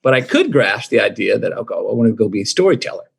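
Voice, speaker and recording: A man's voice: fairly low pitch, big pitch swings, quick pace, gravelly, slightly rough. A middle-aged man, telling a personal story in a podcast interview with a drawling, reflective manner. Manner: drawling, reflective storyteller acting out quoted voices. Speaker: guest.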